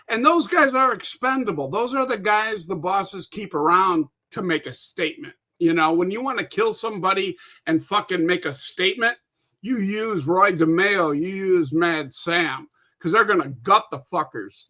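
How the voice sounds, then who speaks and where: High, bright-voiced man rambling casually. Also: lively intonation, moderate pace. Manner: rambling, with frequent restarts and profanity. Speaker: guest. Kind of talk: casual podcast chat.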